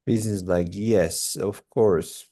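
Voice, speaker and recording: A man's voice: deep voice, steady tone, takes it slowly, dark tone. A man giving a one-on-one English pronunciation lesson, patiently repeating example sentences with many fillers. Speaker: English tutor.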